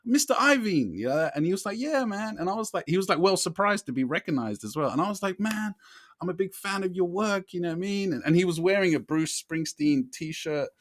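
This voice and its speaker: A man, co-hosting a podcast and telling a long story in a lively way, often asking "you know what I mean". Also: high-pitched, a little fast, few pauses, dry recording, studio quality. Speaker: podcast co-host. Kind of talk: casual storytelling chat.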